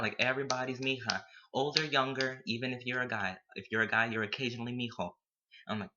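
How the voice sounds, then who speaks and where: A young man with a very bright, sharp-edged voice talks casually to camera, slipping Spanish words into his English with a playful touch. The recording sounds dull and lo-fi. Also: medium pitch, steady tone, fast talker. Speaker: student.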